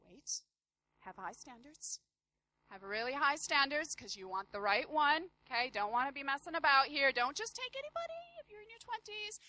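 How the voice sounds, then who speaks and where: Woman preacher in her forties, very high voice, bright tone, animated storytelling. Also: brisk, rough recording. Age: 40s. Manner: animated storytelling, acts out voices, swings from loud to hushed. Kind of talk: sermon.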